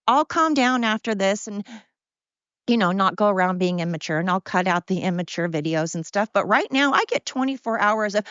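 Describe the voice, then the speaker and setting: A woman hosting a podcast in a casual monologue, excited, brash and mocking, swearing freely. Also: medium pitch, brisk, clean tone, no echo, lo-fi sound. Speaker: podcast host.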